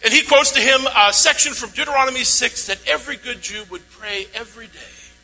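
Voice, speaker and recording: A man's voice: very high-pitched, fairly quick, sharp tone. A man preaching a sermon, reading a scripture passage aloud and then explaining it with rising emphasis. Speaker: pastor. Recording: long hall reverb, faint noise.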